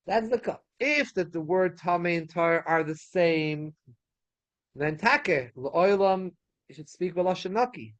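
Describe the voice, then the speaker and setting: High-voiced man giving a Torah class. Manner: animated, repeats phrases, asks rhetorical questions. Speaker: rabbi teaching a Talmud class. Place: synagogue study hall.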